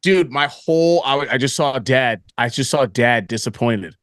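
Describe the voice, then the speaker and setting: A young man co-hosting a podcast, telling a story in casual chat, animated and profane, bursting into loud acted lines. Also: medium pitch, moderate pace, dry recording, studio quality. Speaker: podcast co-host.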